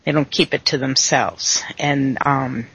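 A Bible study leader teaching slowly, quoting scripture and laughing easily with the group. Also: medium pitch, fairly even intonation, slightly rough. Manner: slow, warm, laughs easily, quotes scripture. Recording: dull lo-fi recording.

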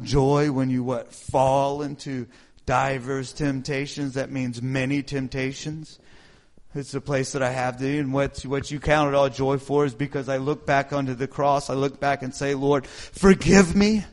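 A man sharing a personal testimony in a sermon, earnest and animated, asking the listeners call-and-response questions. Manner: drops to a low hushed voice when praying. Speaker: lay preacher sharing testimony.

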